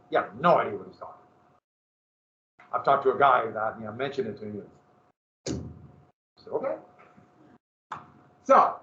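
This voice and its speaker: High-voiced male teacher in an echoey classroom. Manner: lively storytelling, questions the class. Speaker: history teacher. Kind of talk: classroom lecture. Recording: echoey classroom from far off, dull lo-fi.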